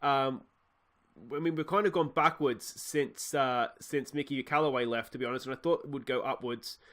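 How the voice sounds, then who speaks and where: A man's voice: mid-range voice, steady tone, normal speed, a bit bright. An Australian man hosting a video game let's play, talking casually with lots of fillers. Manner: chatty, lots of "uh" and "mate".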